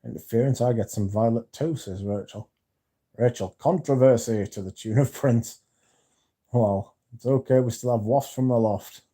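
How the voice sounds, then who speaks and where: A man hosts a casual livestream about perfume, reading viewer comments aloud and swearing freely as he chats. He has a warm, mid-range voice and speaks at a moderate pace.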